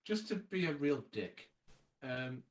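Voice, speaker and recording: A man's voice: medium pitch, takes it slowly. A man playing a tabletop game, joking and interrupting himself. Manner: joking, lively, self-interrupting. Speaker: player. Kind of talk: casual play chat.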